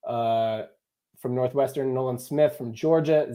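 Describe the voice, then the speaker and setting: A man's voice: mid-range voice, steady tone, normal speed, warm tone. A young man hosting a live draft stream, chatting casually and joking with viewers and co-hosts. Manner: jokey, chatty, talks to chat and co-hosts. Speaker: livestream host. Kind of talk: casual live chat reading viewer comments.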